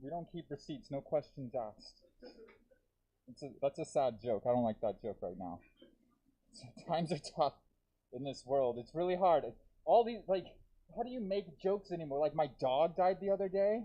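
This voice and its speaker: A man performing a live stand-up set with dark, deadpan jokes and self-aware asides to the audience, talking through a deer mask. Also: fairly high pitch, moderate pace, poor audio. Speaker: stand-up comedian. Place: comedy theater stage.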